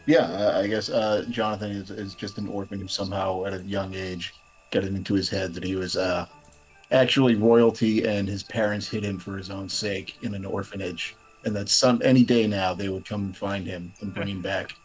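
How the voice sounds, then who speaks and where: Low, laid-back male player, dry manner, casual game chat, faint music. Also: fairly even intonation, moderate pace.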